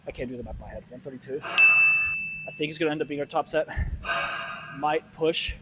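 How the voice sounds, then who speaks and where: A man out of breath in a gym, talking casually to a nearby camera between his weightlifting sets in a halting, breathy way. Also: fairly high pitch, heavy background noise. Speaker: weightlifter vlogging his workout. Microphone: camera set up nearby in the gym.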